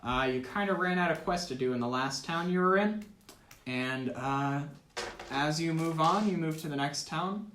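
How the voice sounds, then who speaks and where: Teen boy game master, relaxed and full of fillers, in a roomy school room. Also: fairly high pitch, moderate pace, slight background noise. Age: teens. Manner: casual, laughing often, many ums and uhs. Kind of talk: narrating a tabletop game. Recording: echoey room.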